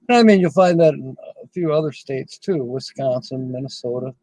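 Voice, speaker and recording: A middle-aged man hosts a casual livestream, talking at an unhurried, rambling pace and chuckling between thoughts. His voice is husky and mellow, sitting a little high for a man. The sound is close and dry. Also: no room sound, rough recording. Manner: slow, rambling, chuckles often. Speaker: livestream host.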